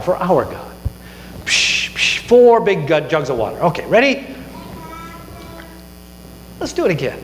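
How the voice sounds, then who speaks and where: A man preaching a sermon, retelling a Bible story with lively asides and questions to the room. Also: a little high, normal speed, long pauses. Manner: animated storytelling with asides like "right?". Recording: echoey hall with faint mains hum.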